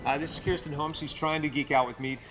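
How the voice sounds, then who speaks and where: A man from the American South hosting an entertainment chat show, talking as an excitable, self-mocking super-nerd. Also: a little high, quick pace. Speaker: show host.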